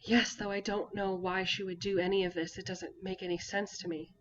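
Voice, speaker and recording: A woman voicing a desperate, grieving father who rules a land at war, speaking hoarsely and pleading. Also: mid-range voice, flat delivery, fairly quick, lo-fi sound, slight background noise, natural voice. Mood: grave. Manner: pleading, near breaking.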